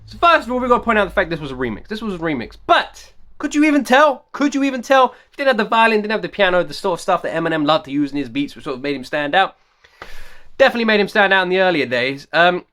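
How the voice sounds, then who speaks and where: Fast, bright-voiced man reacting. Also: high voice. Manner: emphatic, repeats rhetorical questions. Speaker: reaction video host. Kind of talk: excited music reaction commentary.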